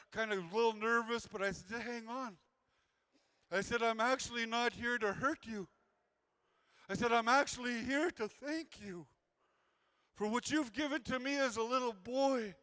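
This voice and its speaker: A man's voice: high voice, fairly bright tone, clean tone. A man giving an earnest personal storytelling talk as an invited speaker, repeating key phrases for weight. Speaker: invited speaker sharing his healing journey.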